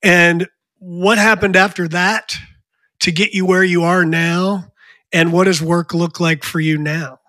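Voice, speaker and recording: A man hosting a podcast, asking his guest measured questions. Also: high voice, level tone, pushed and bright, no room sound. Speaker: podcast host, interviewer. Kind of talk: interview questions.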